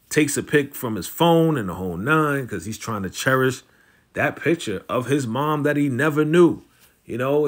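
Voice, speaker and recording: A man casually recapping a TV episode, animated and slangy, jumping into the characters' lines as he retells scenes. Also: mid-range voice. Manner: slangy, conversational, lots of "you know" and "right?". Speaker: TV recap host.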